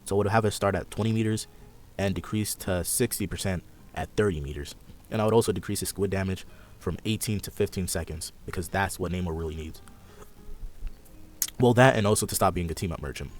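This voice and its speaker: A man's voice: sits low, quick pace. A young man hosting a casual gaming chat, rambling and a bit sarcastic as he walks through his ideas. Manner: laid-back, rambling, sarcastic. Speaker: podcast host.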